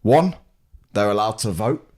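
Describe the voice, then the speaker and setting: A man's voice: fairly low pitch, animated, a little slow, a little mellow. A man voicing a grumbling, sweary man with a British English accent who rants about the trains. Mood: smug. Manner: gruff, ranting, sweary. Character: grumbling middle-aged man moaning on a train.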